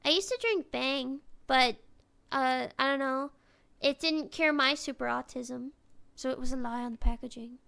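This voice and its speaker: A woman's voice: high-pitched, normal speed, vocal fry, a bit bright, clean tone. A young woman in casual chat. She rambles, swears freely and restarts her sentences often.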